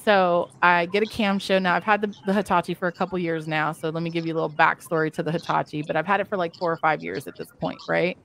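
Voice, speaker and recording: A woman's voice: on the low side, steady tone, fast talker, vocal fry, few pauses, fairly bright tone, a little hiss or hum. A woman telling a story in casual chat, acting out quotes and swearing freely. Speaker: fashion show model telling a story. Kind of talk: casual chat, live stream.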